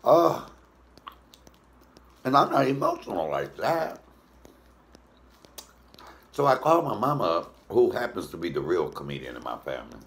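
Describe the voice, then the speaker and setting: Lively storytelling comedian with a gravelly voice. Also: male voice, moderate pace, pauses often. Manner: animated, swoops into high falsetto for quoted voices, swears freely. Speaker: comedian cooking show host.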